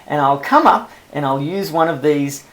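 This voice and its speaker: A man, a publisher, talking new authors through a screen-recorded software tutorial in a relaxed, chatty and self-amused way. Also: fairly high pitch, moderate pace.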